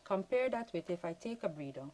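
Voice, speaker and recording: A woman calmly explaining parenting points on a panel. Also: mid-range voice, fairly quick, slight background noise, rough recording. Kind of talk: panel discussion.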